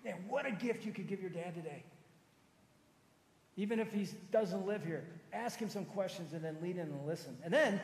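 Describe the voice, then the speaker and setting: A middle-aged man preaching a sermon, telling personal stories, moving from loud emphatic lines to soft low ones. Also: moderate pace. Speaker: pastor. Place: large church sanctuary. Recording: roomy hall reverb.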